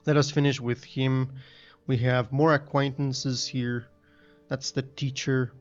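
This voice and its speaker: A man's voice: mid-range voice, flat delivery, takes it slowly. Man musing through a game. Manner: musing, thinking aloud. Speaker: gaming channel host. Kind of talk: let's play commentary. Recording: dull lo-fi recording with faint game music.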